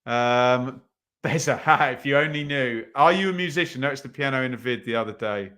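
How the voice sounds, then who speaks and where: A man's voice: medium pitch, fairly quick, pushed and bright. Chatty man hosting a live stream. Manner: chatty, reads out chat comments, many ums. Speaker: watch-along stream host. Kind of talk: live football watch-along chat and commentary.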